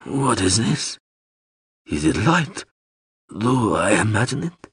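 A male audiobook narrator voicing a badly wounded dying man who speaks in a weak, halting, breathy way. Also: lowish voice, big pitch swings, fairly bright tone, dry recording, studio quality, heavily acted. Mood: dazed fearful. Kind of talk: audiobook character voice.

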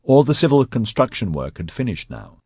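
A man narrating an audiobook in a steady, even storytelling manner on a close studio mic. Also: mid-range voice, normal speed, breathy edge, dry recording. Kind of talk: scripted narration.

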